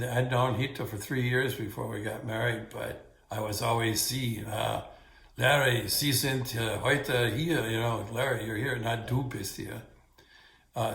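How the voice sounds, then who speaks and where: An older man, a grandfather, casually telling family stories and wandering off with many pauses and fillers. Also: mid-range voice, vocal fry, fairly bright tone. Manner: meandering, full of pauses and fillers. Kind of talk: casual rambling storytelling. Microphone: battery-powered recorder or phone. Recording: roomy echo.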